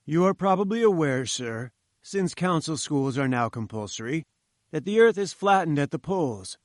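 A man's voice: fairly high pitch, expressive, normal speed, dry recording, clean studio sound, natural voice. A man reading the lines of a pompous, condescending male professor who lectures in a lofty, patronizing manner. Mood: lecturing. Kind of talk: audiobook character voice.

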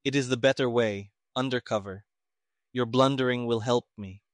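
A man reading a story, voicing a calm male civilian investigator who speaks tonelessly and deliberately. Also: mid-range voice, dry recording, studio quality, close to an everyday voice. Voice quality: toneless, flat. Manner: slow, deliberate, sparing with words.

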